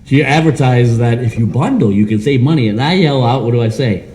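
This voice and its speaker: A man's voice: mid-range voice, a little fast. A man preaching a sermon as pastor of a small church, with a Midwestern American accent, who acts out imagined conversations. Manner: animated, acts out imagined dialogue.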